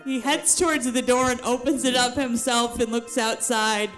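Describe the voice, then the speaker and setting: Rich: A woman runs a tabletop game as game master, narrating events with a bright, high voice. Her delivery is lively and often breaks into laughter. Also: normal speed, soft background music.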